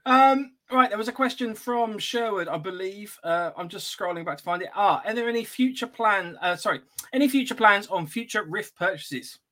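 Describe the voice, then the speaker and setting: A man's voice: high-pitched, animated, moderate pace, hardly any pauses, sharp tone. A man co-hosting a casual live stream, easygoing, reading viewer messages aloud. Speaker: co-host reading viewer comments.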